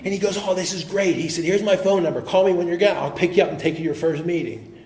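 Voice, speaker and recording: A middle-aged man telling his personal recovery story at a meeting, earnest and animated, quick to laugh and sometimes dropping to a murmur. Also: sits high, reverberant. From Pittsburgh area. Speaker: AA speaker. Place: meeting hall.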